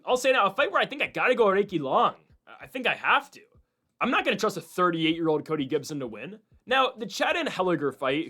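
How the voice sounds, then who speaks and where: A man's voice: on the high side, bright, forceful tone. A man hosting casual MMA fight predictions, rambling and correcting himself with incredulous asides. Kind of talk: casual sports commentary.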